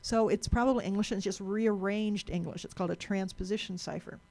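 A woman lectures a room in a mid-range voice roughened by vocal fry. She talks in a chatty way, often repeating and restarting words as she goes. She stops to put questions to the audience. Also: medium pitch, fairly quick, mellow. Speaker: speaker giving a talk.

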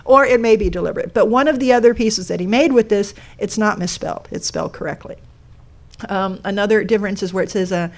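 A woman's voice: mid-range voice, fast talker. A woman giving a talk to a live audience, explaining step by step and putting questions to the room. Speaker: speaker giving a talk on a code sculpture.

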